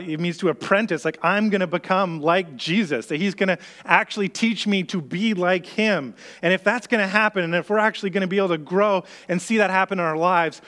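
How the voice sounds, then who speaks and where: An earnest man preaching a sermon in a high, light voice. He talks to the congregation conversationally and slips into the worried inner voices of his listeners. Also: fairly bright tone. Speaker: pastor.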